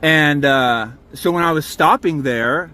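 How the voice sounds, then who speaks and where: A man with a slightly high, bright, forceful voice speaks a little slowly as he films a confrontation on his phone from his truck. The campground guest rambles angrily and profanely about a dispute before arguing with officers.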